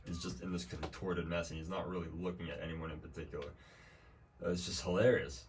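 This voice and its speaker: A man's voice: low voice, fairly even intonation, fairly quick. A young man streaming a video game, talking in a loose, rambling way with dry jokes and plenty of swearing. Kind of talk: casual gameplay commentary. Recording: distant mic with faint background noise.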